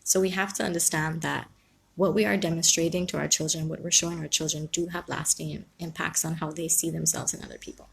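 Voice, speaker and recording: A woman counsellor speaking calmly and reassuringly on a live stream, giving advice and answering viewers. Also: deep voice, fast, vocal fry, slight background noise. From Guyana. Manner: calm, reassuring, reads out viewer comments.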